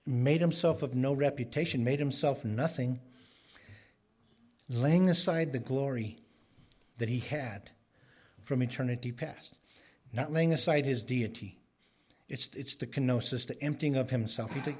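A male preacher delivers an expository sermon in a husky, slightly breathy voice. His pitch sits in an ordinary middle range. He presses hard on key phrases and briefly acts out the people he quotes. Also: unhurried, long pauses, darkish tone. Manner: emphatic, voices the characters in quotes.

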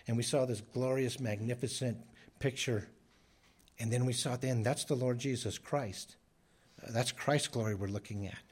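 A male pastor delivers a sermon with earnest emphasis, circling back and repeating key phrases to drive them home. His voice sits at an everyday middle pitch for a man. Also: a little mellow.

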